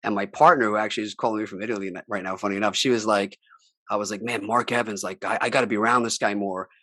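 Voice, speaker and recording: A man's voice: fairly low pitch, fairly even intonation, rapid-fire, bright, forceful tone, no room sound, clean studio sound. A man hosting a podcast, telling a story in casual, chatty talk with some swearing. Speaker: podcast host. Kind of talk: casual chat.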